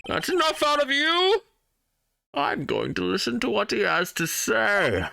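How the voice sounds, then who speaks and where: An excitable old courtroom judge, voiced by a man from a video game, prone to theatrical outbursts. The voice sits high and rides wild swings in pitch. He barks and bellows as he calls for order. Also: a little slow, creaky, slight background noise, full character voice. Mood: stern.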